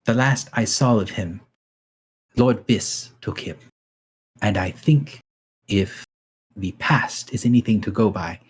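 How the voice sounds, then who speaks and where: A man voicing a composed goblinkin woman who shapeshifts, speaking calmly and formally. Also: on the low side, slightly rough. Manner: calm, measured, formal speech.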